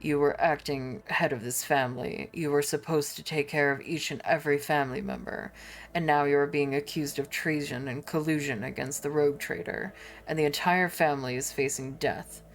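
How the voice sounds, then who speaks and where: A woman's voice: sits low, fairly even intonation, moderate pace, pitched below the performer's own voice. A woman voicing a stern older male noble seneschal in a game, grave and reproachful.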